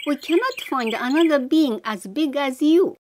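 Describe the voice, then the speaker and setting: A woman's voice: high-pitched, normal speed, slight background noise. A woman voicing a flock of admiring birds in a storybook fable. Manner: admiring, flattering.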